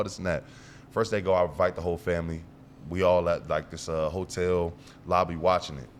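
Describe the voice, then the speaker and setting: A young man telling stories as a guest in a casual interview, animated and acting out the dialogue as he goes. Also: deep voice, brisk, a little hiss or hum. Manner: animated storyteller who acts out quoted dialogue. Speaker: guest, pro football player.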